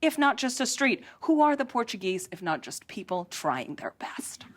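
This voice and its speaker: Woman stand-up with an American accent, sardonic and deadpan, lively bouncing pitch, mid-range voice, faint noise under her. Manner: sardonic, deadpan asides to the audience. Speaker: stand-up comedian. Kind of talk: stand-up comedy set. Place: theatre stage before a live audience.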